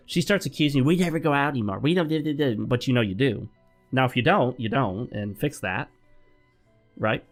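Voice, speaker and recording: A man hosting a gameplay vlog, giving advice in a calm, instructive tone. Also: medium pitch. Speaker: gaming channel host. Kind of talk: advice talk over gameplay.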